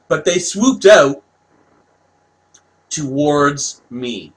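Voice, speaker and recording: A man from Canada casually telling a personal story, animated, laughing and swearing as he goes. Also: a little high, very slow, low-quality recording.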